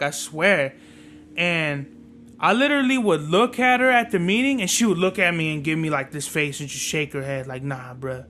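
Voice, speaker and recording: High bright-voiced man ranting. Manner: animated, cursing, storytelling. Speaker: podcast host. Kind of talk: casual profane podcast rant.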